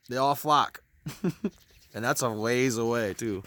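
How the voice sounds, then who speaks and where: A man vlogging outdoors beside cattle, out of breath, excited, laughing and calling out praise now and then, on a handheld phone. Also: medium pitch, unhurried. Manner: excited, religious exclamations, laughs often. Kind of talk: casual outdoor video chat.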